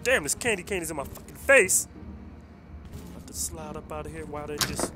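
A man's voice: on the high side, expressive, fairly quick, over music, close to an everyday voice. A man voicing a sneaky young thief who taunts cockily, in a comedy skit. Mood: cocky. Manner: cocky, taunting. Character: sneaky young male Christmas tree thief.

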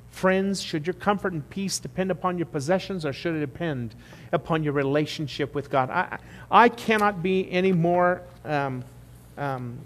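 A man preaching a sermon as pastor, emphatic at the peaks and quiet and slow when he appeals to the congregation. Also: on the high side. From United States. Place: church sanctuary. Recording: long church reverb.

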